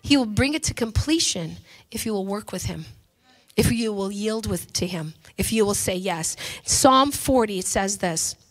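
A woman pastor preaching a sermon from a church pulpit, impassioned and swinging between hushed and loud passages. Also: mid-range voice, animated, moderate pace.

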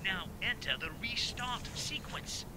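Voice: mid-range voice, animated, a little slow, bright, forceful tone. A game voice actor playing a grateful ship owner who gives step-by-step repair instructions, in noisy game audio. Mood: instructive. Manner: instructive, giving step-by-step orders.

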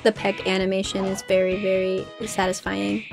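A woman's voice: mid-range voice, completely flat delivery, normal speed, gravelly, over music. A woman streaming a game, playful and reading the game's dialogue aloud. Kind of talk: let's-play commentary.

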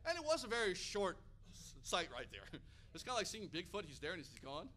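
High, forceful preaching man. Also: fairly quick. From Hawaii. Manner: energetic, animated storyteller. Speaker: pastor. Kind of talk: sermon with personal storytelling.

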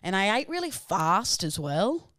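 Giggly young woman, lively. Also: mid-range voice, a little slow, dry recording, clean studio sound. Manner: giggly, gushing and emotional. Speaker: podcast co-host. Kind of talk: casual chat.

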